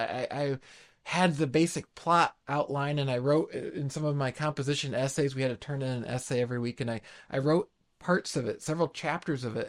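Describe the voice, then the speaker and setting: Pastor, man, late thirties, gravelly, earnest sermon with halting restarts. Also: a little high.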